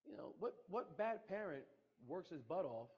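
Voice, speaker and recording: A man's voice: high voice, big pitch swings, normal speed, husky. A middle-aged man, a podcast guest, retelling a painful personal loss with emotion, repeating himself and quoting what people said. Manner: emotional, repetitive retelling with quoted dialogue. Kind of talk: personal storytelling. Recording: muffled podcast audio.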